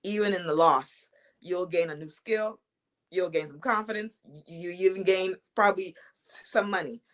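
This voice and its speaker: Young woman wrestler, lower voice, confident trash talk, casual interview. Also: moderate pace. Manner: confident, trash-talking, with fillers and repeats. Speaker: wrestler and champion guest.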